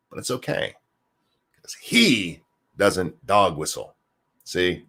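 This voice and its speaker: A man's voice: low-pitched, sing-song, takes it slowly, pauses often, pushed and bright, husky. A man giving casual ranting commentary as host of his own show, sarcastic and swearing freely, often repeating words as he gets worked up. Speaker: commentary streamer.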